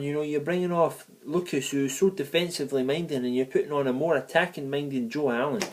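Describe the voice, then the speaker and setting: A man's voice: fairly high pitch, expressive, a little fast, darkish tone, slight background noise. Man ranting heatedly in a fan vlog. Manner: heated, profane, digressive rant. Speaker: football fan video reviewer. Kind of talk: ranting match review vlog. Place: living in the United States.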